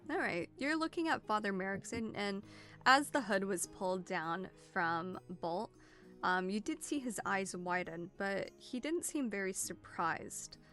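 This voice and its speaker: A woman narrating as dungeon master of a tabletop game in a casual, lively way with many fillers. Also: medium pitch, unhurried, faint music behind.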